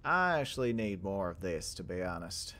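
A young man hosting a let's play, chatting excitably and joking at himself over the game. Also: sits low, normal speed. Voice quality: chatty, excitable, self-mocking. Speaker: gaming channel host.

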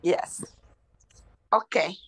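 A woman who has just woken up, with a squeaky voice, slowly reading scripture aloud on an online call. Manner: slow, careful reading with pauses. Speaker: Bible study participant reading scripture.

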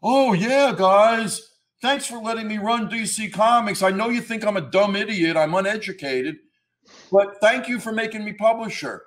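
A man's voice: sits high, normal speed, fairly bright tone, voice pushed up. A man putting on the voice of a fawning, dim-witted male comics publisher who eagerly calls everyone boss.

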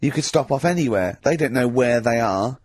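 A man's voice: mid-range voice, lively intonation, fairly quick, a little mellow, husky, no echo. A man hosting a radio show, trading opinionated, teasing banter. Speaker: radio host. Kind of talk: casual radio chat. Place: radio studio.

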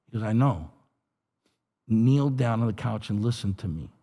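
Man, middle-aged, pastor, animated storyteller, street slang, husky, dark tone. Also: fairly low pitch, moderate pace. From Los Angeles area. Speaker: pastor and guest. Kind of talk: storytelling testimony.

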